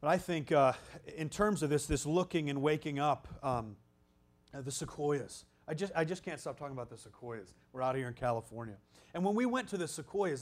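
A man preaching a sermon, emphatic, swinging from loud exclamations down to hushed, almost whispered lines. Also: fairly high pitch, expressive, fairly quick.

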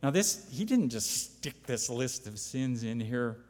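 A man's voice: mid-range voice, very animated, unhurried, a little mellow, long reverb tail. A man preaching a conversational sermon, reading scripture aloud and pressing his points with emphasis. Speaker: pastor or Bible teacher.

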